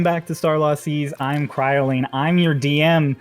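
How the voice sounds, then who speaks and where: A man running a tabletop game as game master, chatting with players and recapping the story with lively asides. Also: a little high, a little slow. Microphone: home mic on a call.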